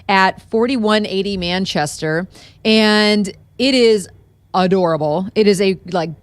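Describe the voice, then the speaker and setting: A woman's voice: medium pitch, smooth, no room sound. A woman, a magazine guest, chatting casually on a radio show, filling her talk with "like" and "um". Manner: chatty, many fillers like "like" and "um". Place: radio studio.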